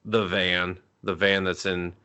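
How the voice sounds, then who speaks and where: A man's voice: low voice, flat delivery, bright, forceful tone, clean tone, lo-fi sound. A man co-hosting a movie review podcast, recapping a film with mocking sarcasm and constant swearing. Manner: mocking, swears often, acts out characters in quick voices.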